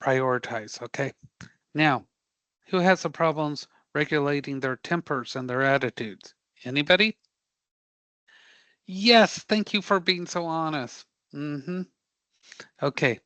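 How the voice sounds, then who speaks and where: Bright, joking male instructor. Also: a little high, measured pace, long pauses, no echo. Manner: animated, joking, audience-engaging. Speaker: career prep instructor. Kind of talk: live class lecture.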